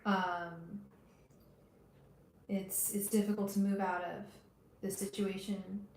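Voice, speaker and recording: A woman hosting a live tarot reading, talking gently and directly to her viewers with frequent restarts. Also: mid-range voice, level tone, slow pace, gravelly, echoey room, a little hiss or hum, rough recording. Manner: gentle, soothing, talks straight to viewers; emotional, hesitant restarts. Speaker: tarot reader livestream host. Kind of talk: casual livestream reading.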